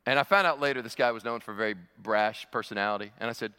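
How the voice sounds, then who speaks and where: A man's voice: medium pitch, quick pace, pushed and bright, clean tone. A man preaching a sermon as pastor, mixing teaching with storytelling and stammered restarts. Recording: long hall reverb.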